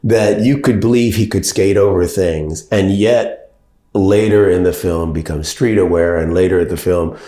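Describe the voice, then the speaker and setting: A man in his sixties being interviewed, telling stories in a measured, thoughtful way that gets lively when he quotes people. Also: deep voice, roomy sound. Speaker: actor and director, guest. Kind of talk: reflective interview storytelling.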